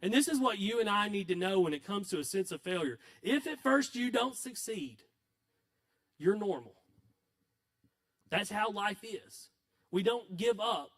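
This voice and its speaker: A man's voice: high voice, animated, measured pace, long pauses, fairly bright tone. A male pastor preaching a sermon in a conversational, self-deprecating storytelling manner.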